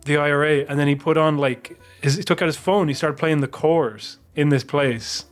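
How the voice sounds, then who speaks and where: A man's voice: on the high side, steady tone, moderate pace, faint music behind. A man on a podcast telling a long, rambling anecdote with plenty of swearing. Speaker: podcast co-host. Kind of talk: casual podcast chat.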